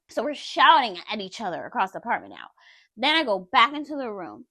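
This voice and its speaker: A woman's voice: on the high side, wildly swooping pitch, moderate pace, pauses often, bright, forceful tone, no echo, studio quality. A woman telling a personal story to her viewers in a candid, conversational way. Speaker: vlogger.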